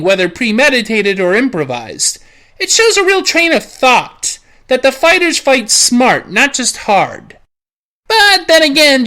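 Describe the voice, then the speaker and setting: A woman's voice: fairly high pitch, sharp tone. A woman host narrating a snarky, profane comedic anime review.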